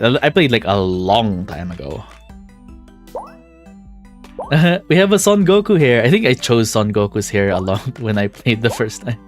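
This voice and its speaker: A man streaming a visual novel, commenting casually and chatting with a laugh. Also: mid-range voice. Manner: chatty, laughing, self-deprecating. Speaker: game streamer.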